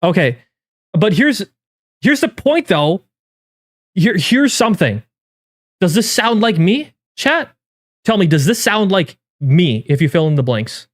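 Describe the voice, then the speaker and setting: A man streaming live, reacting in casual commentary with incredulous, swearing outbursts that jump up in pitch. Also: big pitch swings, a little slow, long pauses, no echo, studio quality. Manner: incredulous, swearing, rising to yelps of disbelief. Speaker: game streamer and YouTuber.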